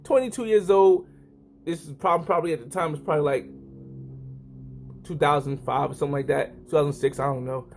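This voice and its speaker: A man's voice: fairly high pitch, a little fast, gravelly, pauses often, soft background music. A man in his thirties talking casually to the camera, rambling and often correcting himself. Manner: rambling, self-correcting, lively. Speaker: vlogger.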